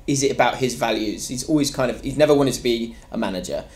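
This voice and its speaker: A man hosting a casual football podcast, chatty and quick to laugh. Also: medium pitch, animated, darkish tone. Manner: laughs often, loose and chatty. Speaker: podcast host.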